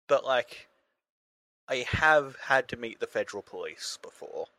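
A man's voice: mid-range voice, lively intonation, unhurried, pushed and bright, no room sound, poor audio. A young man co-hosting a podcast, joking and irreverent in casual chat. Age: young adult. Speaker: podcast co-host.

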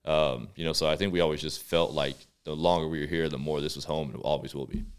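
A man from Texas in his thirties, a football quarterback talking as a guest in a radio studio, relaxed and rambling with lots of fillers. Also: rumbling low, fast, clear, resonant tone. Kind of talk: casual radio interview chat.

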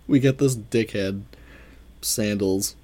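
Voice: mid-range voice, darkish tone. Laid-back podcast co-host, laughing often. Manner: laughs often, quick reactions. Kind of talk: casual chat.

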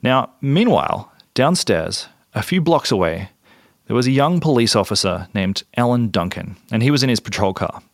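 An Australian man hosting a podcast, telling a story in a relaxed, conversational way with fillers and restarts. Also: medium pitch, normal speed, gravelly, no echo, clean studio sound. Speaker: podcast host. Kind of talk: casual storytelling narration.

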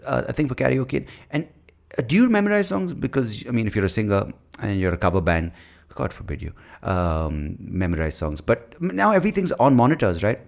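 A man's voice: mid-range voice, vocal fry, a little mellow. A man hosting a solo podcast, rambling and joking with lots of swearing. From India. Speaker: podcast host.

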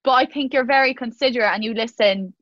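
A young woman co-hosts a casual chat, talking freely with lots of "like" fillers. Her voice sits a little high. The recording is dry and dull, a touch lo-fi. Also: fast, a bit bright, no echo. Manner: chatty, laughs easily, many "like" fillers. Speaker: co-host.

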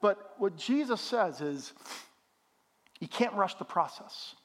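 A middle-aged man preaching a sermon as a pastor in a church, animated and joking with the congregation. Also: high-pitched, takes it slowly.

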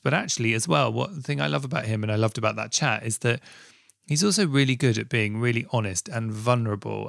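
Man, podcast host, low gravelly voice, dry close sound, effusive rambling talk. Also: dry recording. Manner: warm, effusive, rambling with restarts. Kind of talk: casual interview and outro.

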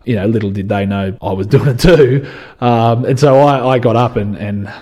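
Mellow-voiced young Australian man. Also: medium pitch, moderate pace. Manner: relaxed and conversational, often says "you know" and restarts phrases. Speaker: interview guest. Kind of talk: reflective personal storytelling.

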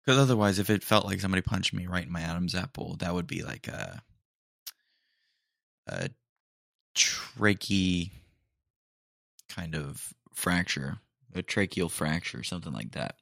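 A young man hosting a podcast, chatting casually and rambling, his voice a little hoarse. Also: sits low, unhurried, pauses often, no room sound, clean studio sound. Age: young adult. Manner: rambling, relaxed, many fillers. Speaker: podcast host. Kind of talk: casual solo chat.

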